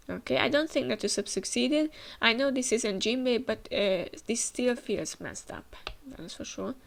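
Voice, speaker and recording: A woman's voice: fairly high pitch, moderate pace, gravelly. A woman hosting a manga reaction, chatting as she reads the panels aloud. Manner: chatty, with frequent fillers and restarts. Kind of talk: reading manga aloud with comments.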